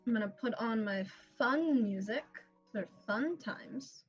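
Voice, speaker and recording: A woman game master narrating a tabletop game at a slow, easy pace, with a fairly high voice. She breaks into laughter often. The recording is dull and lo-fi, with faint music underneath. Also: lively intonation, husky.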